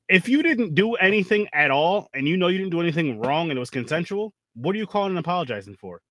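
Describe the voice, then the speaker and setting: A man's voice: on the high side, animated, a little fast, fairly bright tone, no room sound. A man in casual, profane conversation about a film, rambling and restarting his sentences. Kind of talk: casual movie review chat.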